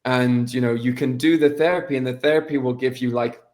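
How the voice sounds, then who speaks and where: A man's voice: mid-range voice, fairly even intonation, brisk, a little mellow. Emphatic, blunt man on a podcast. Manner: emphatic and blunt, speaks in bursts of questions. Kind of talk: casual podcast conversation.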